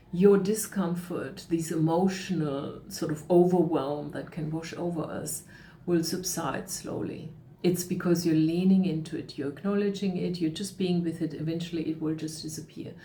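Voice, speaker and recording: A middle-aged woman talks as a coach in a calm, reflective manner. She sometimes acts out the thoughts in someone's head. Her voice sits a little low, and the call sounds echoey with a faint background hiss. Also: normal speed. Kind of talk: talk on emotional coaching. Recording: echoey room with faint noise.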